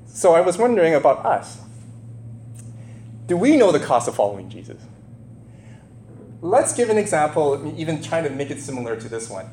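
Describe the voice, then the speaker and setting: A man giving a conversational sermon, animated, questioning his listeners and acting out the people in the story. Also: a little high, moderate pace, long pauses. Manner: animated, asks the listeners questions, acts out quotes. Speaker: preacher. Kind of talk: conversational sermon, Bible teaching. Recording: roomy echo with faint hum.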